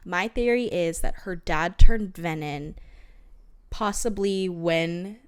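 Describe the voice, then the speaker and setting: A woman's voice: lowish voice, takes it slowly, smooth, no room sound. A young woman co-hosting a casual book podcast, reading quotes aloud and laughing often as she shares theories. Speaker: podcast co-host. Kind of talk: casual book-discussion chat.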